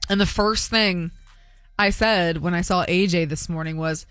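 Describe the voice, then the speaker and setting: A woman hosting a morning radio show, chatting excitedly in a bubbly, gushing way with quick asides. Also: medium pitch, smooth, dry recording, faint music behind.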